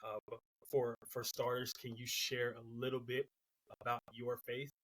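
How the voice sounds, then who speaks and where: A man hosting a podcast who asks his guest a question in a soft, measured way. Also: medium pitch, completely flat delivery. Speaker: podcast host. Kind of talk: interview question.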